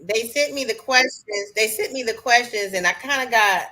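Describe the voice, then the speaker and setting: A woman's voice: fairly high pitch, normal speed, pushed and bright. A woman guest on a casual podcast, talking earnestly and rambling with many fillers.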